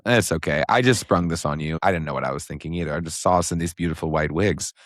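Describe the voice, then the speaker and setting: Deep-voiced man, playful podcast banter. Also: a bit bright, no room sound, studio quality. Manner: playful, joking, quick bursts. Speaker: podcast co-host. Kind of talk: casual chat.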